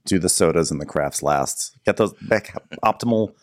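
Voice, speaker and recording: Deep-voiced, wry male podcast co-host. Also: moderate pace, no echo, clean studio sound. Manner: wry, loose, with fillers and sarcastic asides. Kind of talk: casual chat recapping reality TV.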